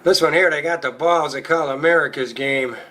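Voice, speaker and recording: A man's crude, profane comedy routine unfolds as rowdy storytelling. He sounds bright and sharp in a high register, speaking a little fast.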